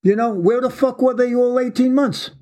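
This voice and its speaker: A man's voice: very high voice, normal speed. A man telling a story of his undercover work in a casual interview, blunt and full of swearing. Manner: blunt, profane, animated storyteller. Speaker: retired undercover agent, guest.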